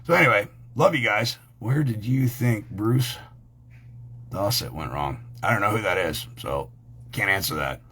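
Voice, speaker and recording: Brief: profane male host, husky voice, pitch swings wide, rambling and heated. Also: animated, a little slow, pushed and bright. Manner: rambling, crude, heated and emphatic. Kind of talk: profane ranting talk.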